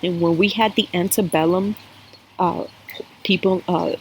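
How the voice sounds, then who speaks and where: With a lowish voice, fairly even intonation, and a measured pace, a woman reads a spiritual cup to camera, addressing her viewers earnestly and with emotion. She is a tarot and coffee-cup reader. The low-quality recording carries a little hiss or hum.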